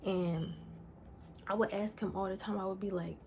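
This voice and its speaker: A woman's voice: medium pitch, fairly even intonation, moderate pace, creaky, darkish tone, a little hiss or hum. Candid young woman rambling a storytime. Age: young adult. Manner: candid, rambling, full of "like" fillers. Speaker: vlogger. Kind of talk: casual storytime.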